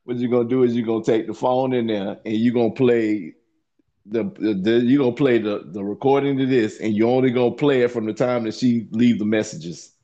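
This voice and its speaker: A man's voice: mid-range voice, steady tone, fairly quick, warm tone. Teasing man with a muffled sound. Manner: teasing, laid-back banter. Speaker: podcast co-host. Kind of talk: casual chat.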